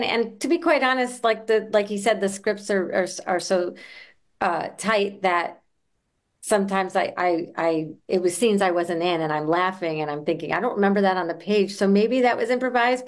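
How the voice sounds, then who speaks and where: A woman who acts on a comedy series, speaking earnestly in an interview and repeating words as she thinks. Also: mid-range voice. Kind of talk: casual interview chat.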